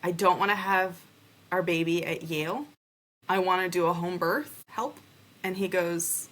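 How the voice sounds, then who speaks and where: A young adult woman hosting a podcast, telling a personal story in an animated way and acting out the conversations she quotes. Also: lowish voice, moderate pace. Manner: animated, acts out quoted dialogue. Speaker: podcast host.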